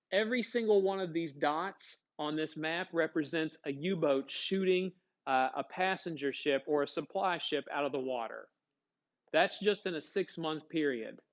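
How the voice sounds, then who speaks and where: A man's voice: a little high, dull audio. A man teaching a history class, talking casually and asking his students questions before answering them himself. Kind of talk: classroom lecture.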